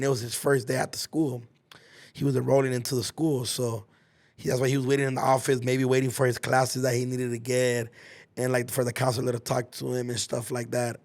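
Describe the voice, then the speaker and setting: A young man from Los Angeles, hosting a podcast and telling a story in a casual, slangy, profane way, with spoken sound effects. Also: mid-range voice. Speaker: podcast host.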